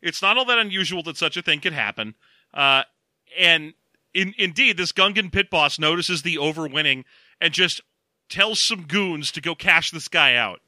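A man with a very bright, dry, close voice, recapping a story on a podcast. He talks in a casual, playful way, full of joking asides. His voice sits a little high for a man. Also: expressive, moderate pace, dry recording. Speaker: podcast co-host. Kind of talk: casual comedic book recap.

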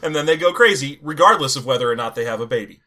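A man's voice: mid-range voice, animated, bright, forceful tone. A man co-hosting a casual movie-review podcast, joking with wry asides. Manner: wry, jokey, quick asides. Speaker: podcast co-host.

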